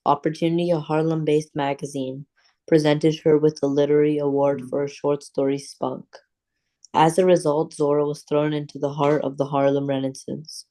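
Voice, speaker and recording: A student reading a passage aloud in a flat, even voice with a mellow, darkish tone. The delivery is careful and steady, with little emphasis on individual words. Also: medium pitch, normal speed.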